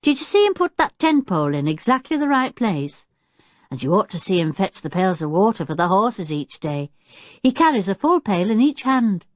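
A woman voicing a cheerful circus boy who is proud of his chimpanzee, talking in a bright, eager, chatty way. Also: medium pitch, big pitch swings, normal speed, dry recording, studio quality, natural voice.

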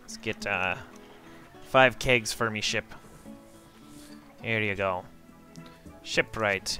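A man's voice: fairly low pitch, pushed and bright. A man voicing a boastful, crude male pirate captain with brash, bawdy pirate talk.

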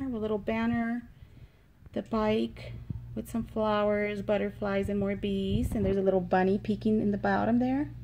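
A woman vlogger casually showing her handmade craft pieces, talking unhurriedly with frequent ums and pauses and gushing over the small details. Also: medium pitch, a little mellow, slight background noise. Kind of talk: casual show-and-tell.

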